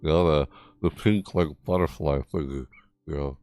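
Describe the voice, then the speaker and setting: A man giving a casual, rambling commentary on a video game, full of fillers, his voice jumping high when surprised. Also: normal speed, a little mellow, no room sound, studio quality. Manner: rambling, easily amazed, many fillers. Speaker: gaming YouTuber.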